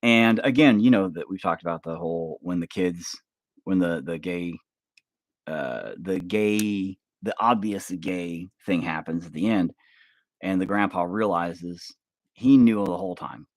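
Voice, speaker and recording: A man in a casual, profane, rambling monologue, pitching a movie plot while working with his hands at home. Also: lively intonation, unhurried, dry recording, studio quality. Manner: rambling, profane, acts out scenes. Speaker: vlogger pitching a film idea. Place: home office while carving.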